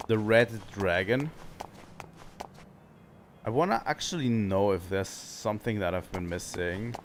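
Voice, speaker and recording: A man's voice: lowish voice, measured pace, noisy background. A young man streaming a video game, musing aloud and reading the game's dialogue, sometimes stumbling over words. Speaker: gaming streamer. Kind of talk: casual let's-play commentary, reading game dialogue aloud.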